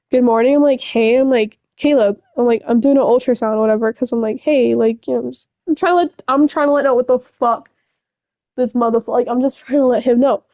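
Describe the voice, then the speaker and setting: A woman's voice: on the high side, mellow, no echo, clean studio sound. A young woman telling a breakup story to the camera in a rambling, upset way, full of fillers and swearing. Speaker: vlogger. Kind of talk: casual storytime rant.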